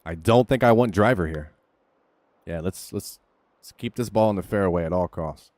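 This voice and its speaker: A man's voice: sits low, normal speed, a little mellow. A man streaming a golf video game, talking through his shots in casual commentary, candid and coaching himself, swearing now and then. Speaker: gaming streamer. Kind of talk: casual commentary while playing.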